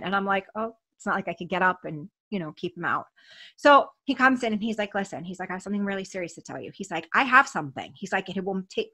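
A woman's voice: mid-range voice, quick pace, sharp tone. A woman telling a story in casual talk, blunt and swearing freely, acting out what people said. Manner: blunt, swears freely, acts out quoted dialogue. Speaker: interview guest.

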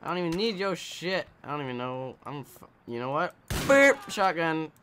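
A man's voice: a little high, fairly quick, background noise. A man giving casual let's-play commentary while he games, rambling, joking and swearing. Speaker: gameplay commentator.

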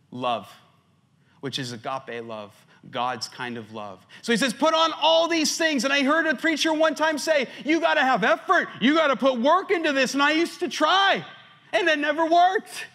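A man delivers a sermon in a high, bright voice. He swings from loud, emphatic stretches down to hushed, quiet ones, and he sounds a little out of breath. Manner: preaching with sweeping swings between loud and hushed. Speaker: pastor.

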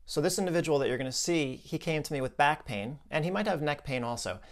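A man with a somewhat raised pitch explains a client's case to viewers in an educational video. He talks in a loose, conversational way, thinking aloud with asides and restarts. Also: lively intonation, fast talker.

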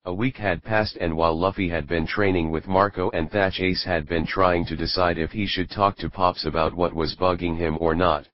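A man reading fan fiction aloud as narrator, in an even, measured way. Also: deep voice, no echo, lo-fi sound.

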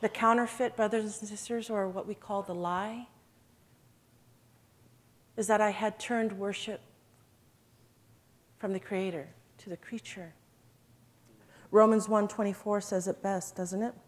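A woman's voice: medium pitch, fairly even intonation, measured pace, pauses often. Woman giving an earnest church testimony. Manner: earnest, emotional, addresses listeners as brothers and sisters. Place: event hall.

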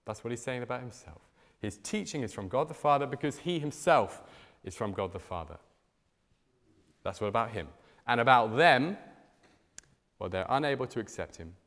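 Male pastor, mid pitch, animated sermon delivery, reverberant church hall. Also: normal speed, pauses often. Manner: animated storytelling with strong swings in pitch and loudness.

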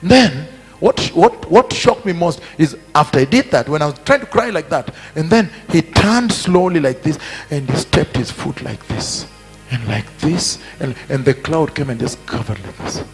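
A man preaching a sermon at a conference, repeating his phrases emphatically and building to shouted peaks. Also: on the high side, animated, normal speed, slightly rough. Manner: emphatic and repetitive, rising to shouted climaxes. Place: large conference hall. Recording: reverberant hall with faint music.

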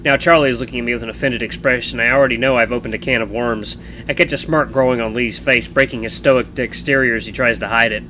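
A man streaming a game, reading the narration of a visual novel aloud in an animated way. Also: mid-range voice, fast talker, a little hiss or hum, rough recording. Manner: animated reading with changing voices.

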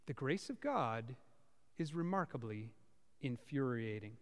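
A male pastor preaching a sermon to a small congregation in a church, with a dramatic delivery that swings from loud to hushed. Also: a little high, sing-song, unhurried. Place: church, before about fifty people. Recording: reverberant church hall.

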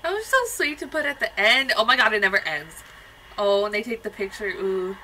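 Bright-voiced young woman gushing. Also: medium pitch, a little fast, slight background noise, poor audio. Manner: chatty, gushing, excitable. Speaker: reaction video host. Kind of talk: casual reaction commentary. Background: faint music.

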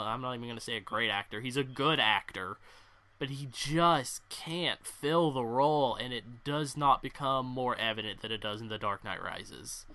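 Bright-voiced man ranting on a podcast. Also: mid-range voice. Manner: opinionated ranting, swearing. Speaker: podcast host. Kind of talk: casual podcast chat.

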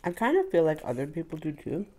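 Low-voiced woman chatting while eating. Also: wildly swooping pitch, fast, mellow. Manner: chatty, eating between words, frequent mm-hmms. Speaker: mukbang vlogger. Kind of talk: casual chat while eating.

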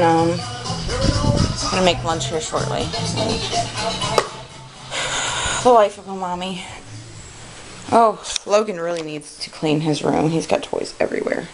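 A young woman, a stay-at-home mom, chatting casually and a bit out of breath while tidying her child's bedroom, rambling and sighing between thoughts. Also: mid-range voice. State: out of breath, panting. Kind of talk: casual home vlog chat. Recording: noisy home-camera recording.

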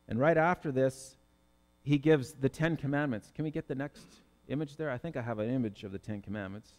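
A male pastor giving an expository sermon, reading scripture slowly and explaining it in a conversational way. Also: on the high side, big-room sound. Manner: conversational, gently self-correcting, reads verses slowly.

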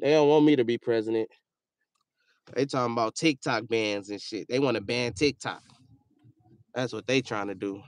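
A man's voice: medium pitch, dry recording, clean studio sound. A man hosting a casual livestream, reading viewer comments aloud in a loose, joking and profane way, often trailing off into a mumble. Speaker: livestream host.

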